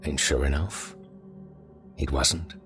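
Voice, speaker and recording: A man's voice: extremely low pitch, steady tone, slow, fairly bright tone, faint music behind, exaggerated voice. A man voicing a dying older man with folksy rural grammar, telling his haunted story in a pained, gasping way. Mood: grim, haunted.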